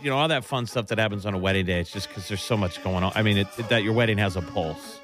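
A man's voice: fairly low pitch, quick pace, fairly bright tone, faint music behind. Joking man co-hosting a radio show. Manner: laughs easily, joking banter. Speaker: morning radio co-host. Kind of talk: casual chat. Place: radio studio.

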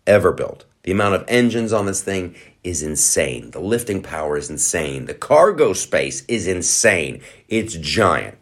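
Low-voiced sarcastic man riffing. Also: very animated, a little slow, few pauses, fairly bright tone. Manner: sarcastic, mocking asides in put-on voices. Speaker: podcast host. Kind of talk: casual monologue.

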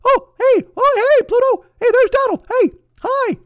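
A man voicing a relentlessly cheerful male cartoon mouse in a high, squeaky, sing-song falsetto. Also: a little slow, dry recording. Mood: giddy. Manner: giddy, sing-song, overly upbeat.

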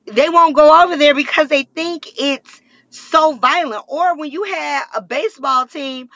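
A woman, a political director speaking as a guest in a measured, earnest way. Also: high voice, fairly bright tone, dry recording, highs cut off. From South Side of Chicago. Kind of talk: political talk interview.

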